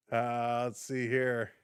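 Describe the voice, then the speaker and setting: A man's voice: mid-range voice, clean tone, no echo. A man hosting a live sports stream, chatting casually with viewers, reading chat aloud and laughing often.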